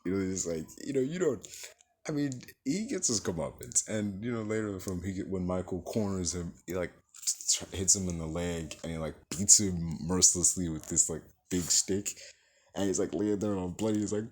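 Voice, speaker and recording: A man's voice: low-pitched, normal speed, darkish tone. A man giving a casual, rambling film review, swearing freely and filling his sentences with "like" and "you know.". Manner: rambling, profane, heavy use of filler words. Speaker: movie reviewer.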